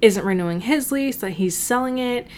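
A woman's voice: fairly high pitch, moderate pace. A woman co-hosting a podcast, telling a story in casual chat, swearing often and acting out what people said. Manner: animated storytelling, swears often, acts out quotes. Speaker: podcast co-host.

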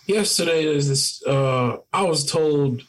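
A man's voice: a little high, takes it slowly. A man with a Southern Florida accent, a veteran joking around in a laid-back podcast chat.

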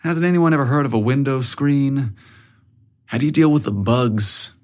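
A man's voice: medium pitch, moderate pace, darkish tone, natural voice. A man voicing a wry young man in an audiobook, in a plain, wistful tone.

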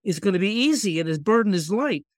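Guy talking bible on a podcast, earnest, reads verses slow, dry mic. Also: high voice, no echo. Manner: earnest, animated, quotes scripture slowly. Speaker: guest author. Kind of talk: casual faith podcast chat.

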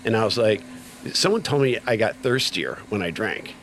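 A man's voice: fairly low pitch, normal speed, a little hiss or hum. A middle-aged man telling a personal story in casual conversation, acting out quoted dialogue with lots of fillers. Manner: animated retelling with quoted dialogue, many fillers. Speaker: guest sharing recovery story.

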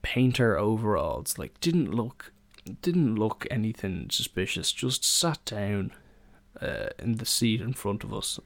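A man's voice: lowish voice, big pitch swings, measured pace, gravelly, no echo. A young man, hosting a solo podcast and telling rambling stories in a casual chat, full of fillers and restarts. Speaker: podcast host.

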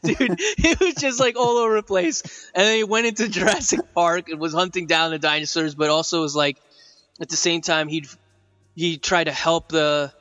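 A man's voice: fairly high pitch, fairly even intonation, normal speed, pushed and bright, muffled recording, soft background music. A man co-hosting a podcast in casual chat, rambling with many fillers and laughing often. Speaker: podcast co-host and dinosaur artist.

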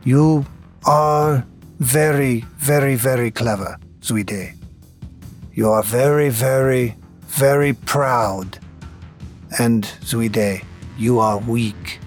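A man voicing a wise old male tribal elder who speaks slowly and in measured phrases. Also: medium pitch, faint music behind. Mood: gently stern. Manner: slow, measured.

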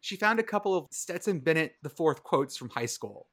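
A man in his thirties with a bright, forceful voice that sits a little high for a man. He riffs in a loose, profane, animated way, the kind of talk you hear in a casual sports podcast chat. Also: normal speed. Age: 30s. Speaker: podcast co-host.

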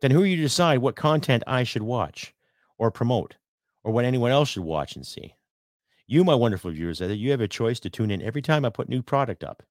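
A man's voice: medium pitch, very animated, a little fast, darkish tone, dry recording, clean studio sound. A man hosting a political podcast, ranting heatedly with rhetorical questions and some swearing. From Canada. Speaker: podcast host.

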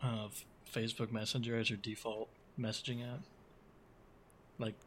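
A man co-hosting a casual podcast, speaking in halting bits with many restarts. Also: on the low side, flat delivery, slight background noise. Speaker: podcast co-host. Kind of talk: casual chat.

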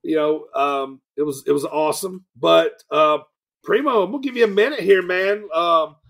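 A man's voice: fairly high pitch, normal speed, vocal fry, fairly bright tone. A man hosting a podcast, recapping a weekend in a rambling, casual way with lots of fillers. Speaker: podcast host. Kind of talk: casual chat.

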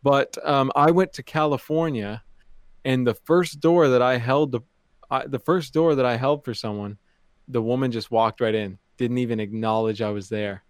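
A man's voice: medium pitch, moderate pace, clear, resonant tone, no room sound. A young man co-hosting a podcast, chatting casually and telling anecdotes while repeating phrases as he thinks. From Canada. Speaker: podcast co-host. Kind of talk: casual chat.

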